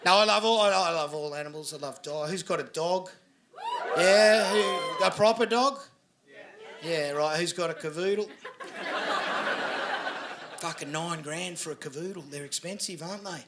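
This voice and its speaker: A man with an Australian accent doing a crude stand-up set, swearing and building into loud storytelling. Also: fairly high pitch, moderate pace, long pauses, noisy background. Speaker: stand-up comedian. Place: comedy venue with audience laughter.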